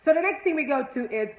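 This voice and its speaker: A woman from Jamaica with a high voice recaps a TV episode in loose, chatty commentary. She talks bluntly and sassily, with profane asides. The room around her rings with echo. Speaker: TV episode reviewer.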